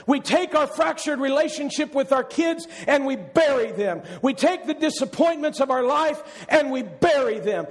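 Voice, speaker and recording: A male preacher delivering an impassioned sermon, repeating his phrases and building up to shouted climaxes. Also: extremely high pitch.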